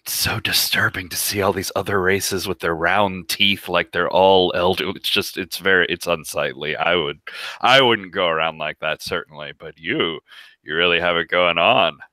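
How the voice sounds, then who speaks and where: A man's voice: low-pitched, normal speed, bright, forceful tone, no room sound. A man voicing a polite, fussy male alien just out of prison, with a courtly, formal manner. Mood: flattering. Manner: courtly, formal, a bit prim.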